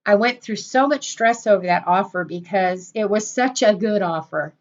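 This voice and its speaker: A woman's voice: medium pitch, moderate pace, lo-fi sound. A middle-aged woman hosting a casual livestream, gushing over viewers and often repeating herself. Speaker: channel host on a livestream.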